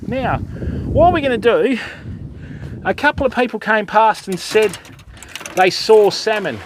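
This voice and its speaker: High-voiced Australian man chatting outdoors. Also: expressive, unhurried, a little hiss or hum. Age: older. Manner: chatty, greets viewers by name, explains as he goes. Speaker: fishing livestream host. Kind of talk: casual livestream chat. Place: beach outdoors.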